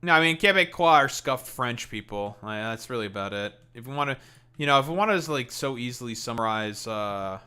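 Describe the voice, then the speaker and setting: A man's voice: medium pitch, expressive, a little fast, sharp tone, clean tone. A man from Canada with a Canadian accent, streaming and chatting casually while he plays, rambling and swearing offhandedly. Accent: Canadian English. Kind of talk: casual chat while playing a game.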